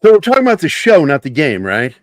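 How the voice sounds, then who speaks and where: A man's voice: a little high, huge pitch swings, quick pace, no echo, clean studio sound. A man talking as a guest in a casual chat. He rambles, laughs often and swears freely.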